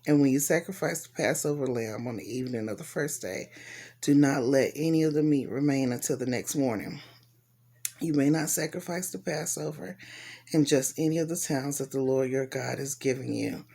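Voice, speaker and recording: A woman's voice: rumbling low, moderate pace, vocal fry, dark tone. A woman giving an earnest, heartfelt devotional reflection and reading scripture aloud, often repeating her phrases. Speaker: Bible reader.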